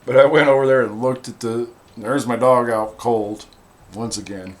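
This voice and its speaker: A man casually telling a funny personal story in a wry, animated way, acting out the other people's lines. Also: medium pitch, normal speed. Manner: wry, animated, acts out quoted voices.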